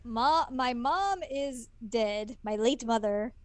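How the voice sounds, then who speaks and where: A woman's voice: a little high, animated, slow pace, no echo. A woman co-hosting a casual anime chat, making wry, skeptical quips about the plot. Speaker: co-host.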